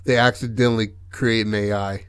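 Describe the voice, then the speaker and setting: A man's voice: lowish voice, little pitch movement, brisk, clean tone. A man hosting a podcast in casual chat, laid-back and profane, often checking in with "right?". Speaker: podcast host.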